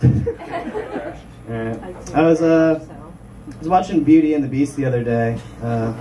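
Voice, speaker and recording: Self-deprecating young male comic, distant mic. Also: on the high side. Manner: rambling self-deprecating jokes with frequent ums. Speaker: stand-up comedian. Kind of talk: stand-up set. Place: small club stage. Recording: distant mic with room noise.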